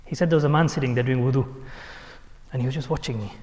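This religious teacher's mid-range voice comes rapid-fire, trailing a long reverb. His sermon is built on stories he tells with animation, acting out quoted speech and restarting frequently.

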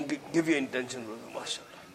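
A creaky, fast-talking man at medium pitch preaches in a very noisy recording. He tells a story and earnestly exhorts his listeners, blending Urdu and Arabic religious terms into English and growing louder as he urges them.

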